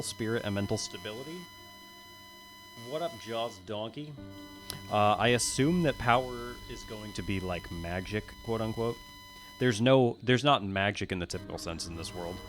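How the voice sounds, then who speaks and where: A man streaming, who reads a solo tabletop adventure aloud and breaks off for relaxed, chatty asides with the odd curse word, on a condenser mic. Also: mid-range voice, normal speed, soft background music. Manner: relaxed, chatty, drops curse words between read passages.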